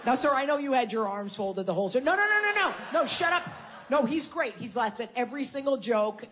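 A woman's voice: on the high side, a little hiss or hum. A woman performing a stand-up comedy routine on stage before a live audience, brash and profane with insult humor.

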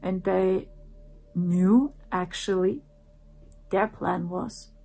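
Slow, earnest woman telling her story. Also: on the low side, fairly even intonation, gravelly, soft background music. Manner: earnest, repeats herself, drops to a hushed voice for dark parts. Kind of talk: personal storytelling.

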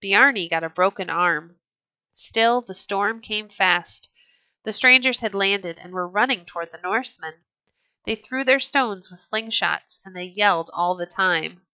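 A woman reading an old storybook aloud as narrator, in a gentle, measured way. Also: mid-range voice, clean tone, no echo.

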